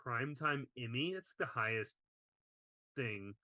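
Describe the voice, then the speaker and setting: A man's voice: mid-range voice, lively intonation, measured pace, pushed and bright, dry recording. A man co-hosting a movie podcast in casual chat, laughing easily as he reads critics' quotes. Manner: laughs while reading quotes. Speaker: podcast co-host.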